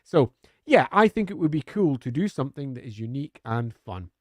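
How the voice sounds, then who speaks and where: A man's voice: mid-range voice, big pitch swings, a little fast, no echo, clean studio sound. A man on a live stream answering viewer questions in a chatty, upbeat way, with frequent hesitant fillers.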